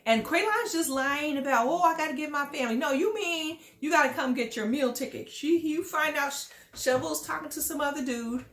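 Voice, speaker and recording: A woman's voice: sits high, moderate pace, few pauses, fairly bright tone. A woman giving casual reality TV commentary, sassy and scolding as she talks straight at the people she judges. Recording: echoey room.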